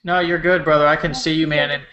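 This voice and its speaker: Brief: man, fiery profane sales rant, high voice, echoey home webcam. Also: flat delivery, fast talker, bright, forceful tone, muffled recording. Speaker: host of a late-night marketing webcast. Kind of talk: impassioned sales pitch.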